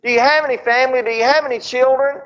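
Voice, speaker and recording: A man's voice: very high-pitched, steady tone, fast, a bit bright, voice pushed up. A man voicing a cheerful, eager young man who chats in a friendly way, on a dull lo-fi recording. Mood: chatty.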